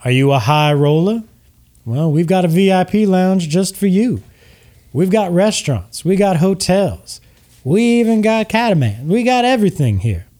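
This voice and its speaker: A man voicing a smooth male tiefling resort mogul with a slick showman's sales pitch. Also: lively intonation, unhurried, a little mellow, lightly acted. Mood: slick salesy.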